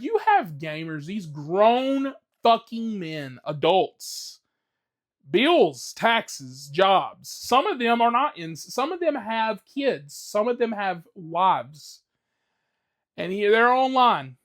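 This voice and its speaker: Profane, ranting podcast host, slightly high voice. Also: male voice. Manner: blunt, profane, animated ranting with many fillers. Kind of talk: casual solo podcast rant.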